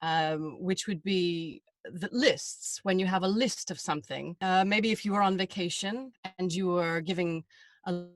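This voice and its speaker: An American woman, a voiceover artist, explaining voice work in a relaxed interview chat. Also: on the low side, measured pace, no room sound. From United States. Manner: demonstrates inflections while explaining.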